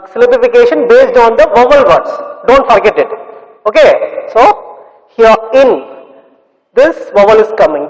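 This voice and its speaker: A man teaching a class of children, speaking slowly and repeating words and sounds syllable by syllable. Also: high-pitched, darkish tone. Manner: slow, repetitive, drills sounds syllable by syllable. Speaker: English teacher. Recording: long reverb.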